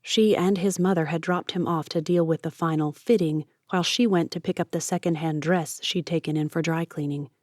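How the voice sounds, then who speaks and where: A woman reading an audiobook with steady, expressive narration. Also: low voice, brisk, hardly any pauses, dry recording, studio quality.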